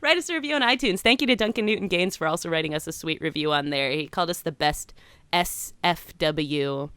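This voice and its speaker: A woman's voice: deep voice, brisk, fairly bright tone, clean tone, no room sound. A woman co-hosting a casual podcast, chatty and giggly as she chats with her co-host. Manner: chatty and giggly, reading a listener letter aloud. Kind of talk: casual chat.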